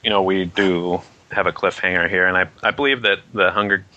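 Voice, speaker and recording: A man casually discussing a comic book issue, rambling and halting with many fillers. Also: low-pitched, fairly even intonation, sharp tone, no echo, dull audio. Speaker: comic book podcast co-host.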